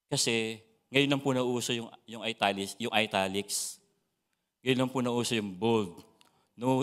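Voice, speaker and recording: A man's voice: medium pitch, pushed and bright. Filipino-accented man teaching the Bible. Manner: mixes English and Filipino, frequent tag questions. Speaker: preacher.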